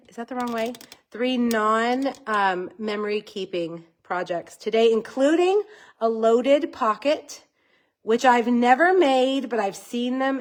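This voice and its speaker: A middle-aged woman hosts a craft livestream, chatting and rambling with a laugh never far off. Her voice is scratchy from a head cold and sits a little high. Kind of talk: casual livestream chat.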